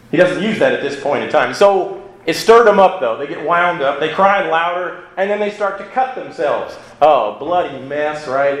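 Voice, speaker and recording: A male preacher with a fairly high, very lively voice that rises and falls freely. He talks through his sermon conversationally and keeps tossing in rhetorical asides. The sound carries an echoey room around it. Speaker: pastor.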